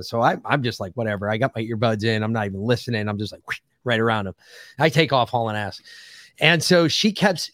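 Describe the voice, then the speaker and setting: A man swaps stories on a casual podcast, rambling and swearing freely as he goes. His voice sits at an ordinary middle pitch. It is recorded dry and close, with no room sound. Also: a bit bright, no room sound. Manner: profane, rambling anecdotal storyteller. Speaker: podcast co-host. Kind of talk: casual storytelling chat.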